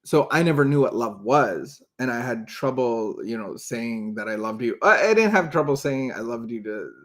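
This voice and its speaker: A man's voice: mid-range voice, lively intonation, fairly bright tone. A man co-hosting a recovery podcast, talking earnestly in a casual chat with many false starts. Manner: earnest, halting, many restarts. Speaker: podcast co-host.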